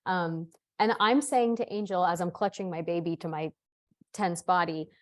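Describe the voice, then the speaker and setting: A woman in her thirties telling an animated, laughter-filled story on a podcast, often repeating words. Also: fairly low pitch, moderate pace. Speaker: podcast co-host. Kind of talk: casual storytelling.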